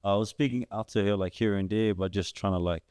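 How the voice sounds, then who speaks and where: A young man with a very low, dark voice, talking as a guest in a casual podcast conversation. He rambles and fills his sentences with "like" and "you know". The sound is close and dry, with no room around it. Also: fairly quick, clear, resonant tone, no echo. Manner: rambling, heavy use of "like" fillers. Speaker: guest, father of three.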